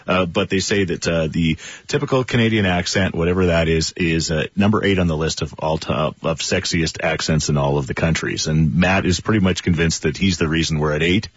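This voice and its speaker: A man hosting a radio show in an easygoing way, often pausing on uh. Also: low voice, husky, lo-fi sound. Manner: easygoing, frequent uh fillers. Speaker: radio host. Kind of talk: morning radio banter. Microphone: studio microphone.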